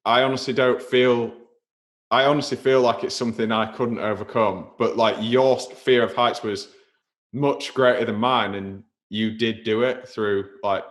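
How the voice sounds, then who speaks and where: A man's voice: mid-range voice, fairly even intonation, normal speed. A man hosting a podcast interview, asking thoughtful, reflective questions in casual conversation. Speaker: podcast host.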